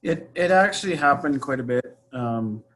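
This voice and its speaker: A middle-aged man, an interview guest, reflecting on his past behaviour in a halting, hesitant way that often trails off softly. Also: mid-range voice, expressive, poor audio. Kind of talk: reflective personal account.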